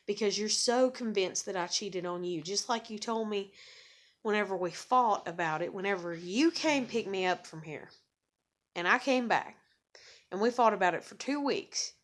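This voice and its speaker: A woman venting in an angry, profane vlog monologue, blunt and bitter, often repeating words as she gets worked up. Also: mid-range voice. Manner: heavy swearing, bitter and blunt; repeats and restarts words when agitated. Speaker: vlogger. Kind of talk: angry ranting monologue to camera.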